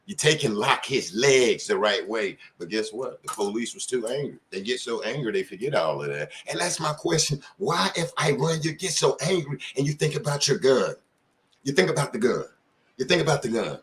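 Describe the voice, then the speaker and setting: A man's voice: mid-range voice, big pitch swings, normal speed, a bit bright. Middle-aged male host, impassioned informal commentary, keeps asking pointed questions. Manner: informal street talk. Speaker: channel host. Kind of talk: casual commentary to camera.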